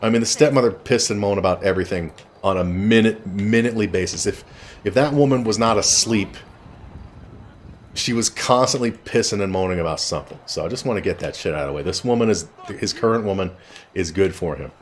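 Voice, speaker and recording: A man's voice: on the low side, brisk. A man telling a rambling personal story in a blunt, casual way with frequent swearing, while streaming a game. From Canada.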